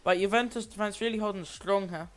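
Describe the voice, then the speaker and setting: Man, amateur football commentator, high and clear voice, loose self-correcting delivery, faint music underneath. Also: fairly even intonation, fast talker, fairly bright tone. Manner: rambling, with frequent restarts and self-corrections. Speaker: match commentator.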